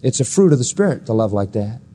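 A man preaching a sermon, emphatic and full of rhetorical questions, often swinging his pitch up high and dropping it low. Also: very animated, quick pace, dark tone, husky.

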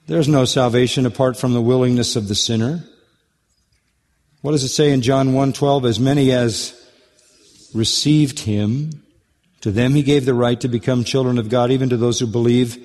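A man preaching with fervor, his voice climbing high on key words and then dropping low and quiet. He breaks into mock dialogue to press his point. The long reverb of a large church sanctuary trails after every phrase. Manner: impassioned, sweeping pitch swings, mock dialogue asides. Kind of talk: sermon.

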